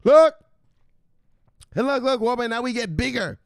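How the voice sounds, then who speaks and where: A man putting on a voice of an overexcited guy yelling crypto news at his woman, shouting and stretching out his words. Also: extremely high pitch, animated, vocal fry, no echo, clean studio sound, pitched above the performer's own voice, heavily acted. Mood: hyped. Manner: shouting, repeating "look, look", drawn-out words.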